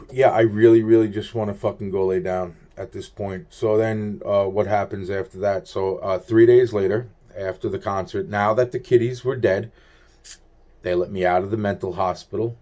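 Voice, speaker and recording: Telling a lengthy story about his own life, this vlogger talks nonstop in a somewhat low, warm voice with fairly even intonation at normal speed. The monologue is heavily profane and meandering, with frequent abandoned and restarted sentences.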